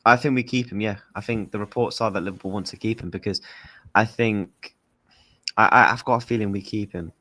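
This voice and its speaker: A man's voice: fairly low pitch, fairly even intonation, brisk, sharp tone, no echo. A man hosting a football fan stream, talking straight to his viewers in a casual way and repeating his points a lot. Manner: talks to viewers directly, repeats himself a lot. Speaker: fan channel host.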